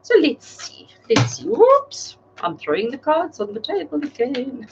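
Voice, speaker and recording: A woman's voice: high voice, sing-song, moderate pace, dull audio, background noise. A woman giving tarot readings on a live stream, talking chattily and addressing viewers by name. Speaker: tarot reader. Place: home, speaking live to a camera.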